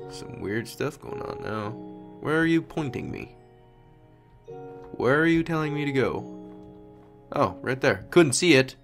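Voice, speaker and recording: Young guy swearing at a game, lively up-and-down voice, gravelly, slow, game music playing behind. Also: mid-range voice. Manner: talks to himself, swears, mutters and exclaims. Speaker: gameplay commentator. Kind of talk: casual gameplay commentary.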